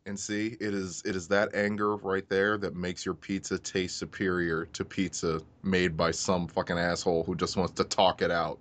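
A man hosting a podcast in casual chat, wry and halting, often repeating himself and laughing. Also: deep voice, little pitch movement. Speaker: podcast host.

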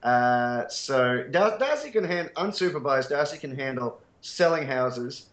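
A man's voice: medium pitch, animated, measured pace, fairly bright tone. An Australian man chatting as a podcast guest, rambling and wry, poking fun at himself with lots of ums and uhs. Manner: rambling, wry and self-mocking, with many fillers. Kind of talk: casual chat. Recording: roomy echo.

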